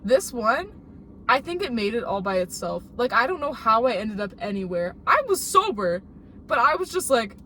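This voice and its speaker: A young woman rambles through a story in a casual chat, saying "like" constantly. Her voice sits a little high and swings widely in pitch. Faint vehicle hum lies under her, recorded from a car's front seat. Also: moderate pace. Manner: animated, rambling, heavy use of "like". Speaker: co-host.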